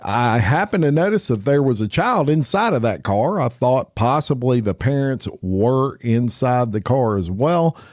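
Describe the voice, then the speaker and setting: A man's voice: medium pitch, big pitch swings, a little slow, few pauses, darkish tone, no room sound, studio quality. A man hosting a podcast, reading crime news headlines and adding blunt opinions. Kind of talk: casual news reading with comments.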